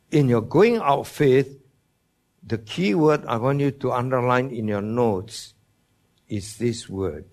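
A man's voice: lowish voice, darkish tone. A man with preaching a Bible lesson, stressing each promise and quizzing his listeners. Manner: slow, deliberate, emphatic on quoted promises, asks the listeners questions. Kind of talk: Bible teaching sermon.

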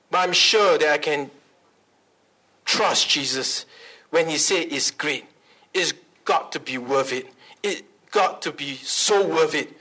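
Animated high-voiced preacher. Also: male voice, rough recording. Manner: animated preaching, big pitch swings, calls for amens. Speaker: pastor. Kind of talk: sermon.

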